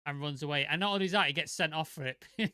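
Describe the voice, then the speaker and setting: Young man, sweary football podcast co-host; bright, crisp, dry close sound. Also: on the high side, fast talker, dry recording. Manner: excitable, swears a lot, vivid comparisons. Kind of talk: casual sweary football chat.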